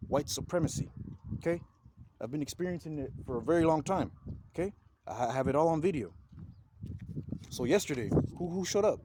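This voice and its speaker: A man's voice: mid-range voice, noisy background. A man giving an angry, rambling complaint to camera, indignant and repetitive, swearing as he goes. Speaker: vlogger filing a complaint.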